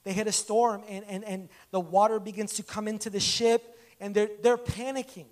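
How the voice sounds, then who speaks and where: Very high-voiced male preacher. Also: normal speed. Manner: animated, acts out dialogue in stories. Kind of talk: conversational sermon with storytelling.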